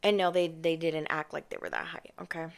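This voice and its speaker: A woman's voice: sits low, brisk, creaky, clean tone. Sassy chatty young woman telling a story. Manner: chatty and expressive, mimics others with mock voices; sassy, addresses viewers as babes and y'all. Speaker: vlogger. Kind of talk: casual storytime monologue. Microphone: personal microphone.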